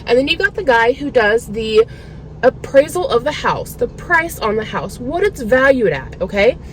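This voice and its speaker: A woman records a casual vlog from her parked car, venting at length with a frustrated, rambling flow. Her voice sits a little high for a woman. A faint background hum runs under her talk. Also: very animated, normal speed, a bit bright, low-quality recording. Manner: frustrated, rambling, lots of filler "like". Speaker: vlogger.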